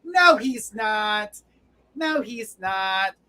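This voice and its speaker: A woman's voice: on the high side, animated, unhurried. A woman doing a carefree, dismissive young girl. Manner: dismissive, unbothered. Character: breezy carefree young girl in a red hood.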